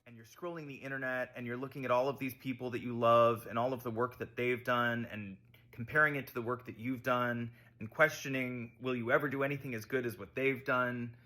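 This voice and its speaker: A man giving thoughtful, measured spoken commentary. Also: medium pitch, fairly even intonation, pushed and bright.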